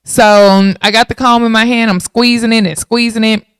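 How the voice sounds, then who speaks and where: A lively woman in her late thirties tells a personal story on her podcast and keeps turning to her listeners with "y'all." Her voice is smooth and clear. The sound is dry and close, with no room around it. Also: fairly high pitch, a little fast, dry recording. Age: 30s. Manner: animated, talks straight to listeners with y'all. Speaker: podcast host.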